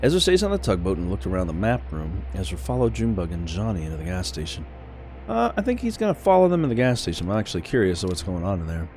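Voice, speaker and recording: A man's voice: low voice, wildly swooping pitch, quick pace, a little mellow, faint music behind. A man hosting a gaming channel, giving laid-back let's-play commentary and swearing casually.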